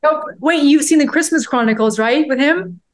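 In a high-pitched voice at a moderate pace, a forty-something woman guesting on a podcast opens up about a personal story. It comes out heartfelt and meandering, with many filler words.

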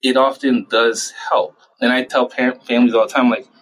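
A young adult man, a child psychiatrist, giving conversational interview answers and acting out parents and himself in quick little voices. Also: mid-range voice, little pitch movement, a bit bright, rough recording. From United States.

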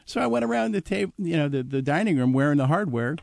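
Older man telling a lively anecdote. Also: a little high, fast talker, creaky, dry recording. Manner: animated anecdote with acted quotes and chuckles. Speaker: guest telling his life story. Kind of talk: casual storytelling.

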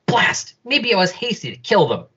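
A man's voice: high-pitched, huge pitch swings, normal speed, bright, forceful tone, breathy edge, voice pushed up, full character voice. A man voicing a ruthless, scheming male chief who gives commands pompously, on a dull lo-fi recording.

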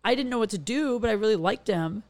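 A woman in her thirties hosting a casual podcast chat, telling a dating story in a chatty, meandering way outdoors in bright sun. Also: fairly high pitch, expressive, fast talker. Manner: chatty storyteller, trails off and restarts. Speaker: podcast host.

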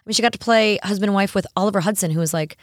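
A woman from New York with a New York accent, co-hosting a podcast in an animated, chatty way. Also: medium pitch, no room sound, clean studio sound. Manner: chatty, animated, quick to laugh. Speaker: podcast co-host. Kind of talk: casual chat.

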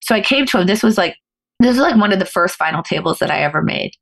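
A middle-aged woman, a podcast guest, telling a story in an animated, fast-flowing way with frequent restarts. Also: mid-range voice, creaky, husky. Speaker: guest, former professional poker player.

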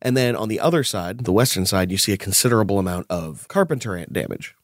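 A man narrating a tabletop game as game master, with a steady, descriptive delivery. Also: fairly low pitch, fast, no room sound, studio quality.

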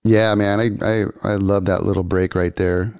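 An older man, a guest, telling a story in a casual, animated way, full of surfer slang and acted-out quotes. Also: deep voice, normal speed, smooth.

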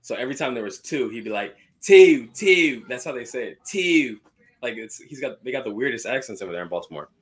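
A man co-hosting a casual sports chat, jumping in with questions and quick asides. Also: mid-range voice, a bit bright.

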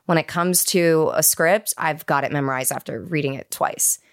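An American actress appears as a guest on a podcast, chatting casually and candidly about her acting career through stories. Her voice is deep, clear, and resonant, at a moderate pace.

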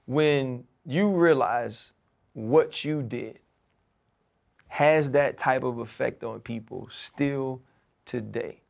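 A man hosting a podcast, telling a story in a casual, slangy, animated way. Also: mid-range voice, slow, creaky. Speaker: podcast host.

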